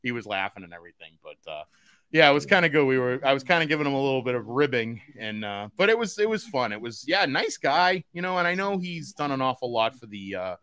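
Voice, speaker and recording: Talking fast in a clean, mid-range voice, a male podcast host tells stories in casual conversation, laughing often and acting out quotes. The recording is dry.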